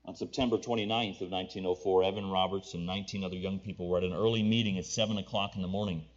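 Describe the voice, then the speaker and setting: A male preacher delivering a sermon to his congregation. He drops to low, hushed appeals, then climbs to loud, pleading cries. The recording sounds slightly dull and lo-fi. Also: steady tone, racing.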